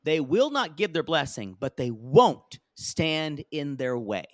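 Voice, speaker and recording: Animated gay podcast host, lively pitch. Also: male voice, slow, dry recording, studio quality. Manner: animated, jokey, acts out quotes in high mocking voices. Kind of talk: casual chat recapping reality TV.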